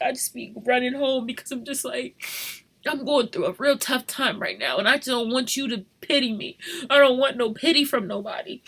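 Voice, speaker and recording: A young woman in an emotional confessional vlog, crying and talking softly at home. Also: fairly high pitch, breathy edge. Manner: tearful, shifting between crying, soft whispers and rueful laughs. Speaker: vlogger. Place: home at night.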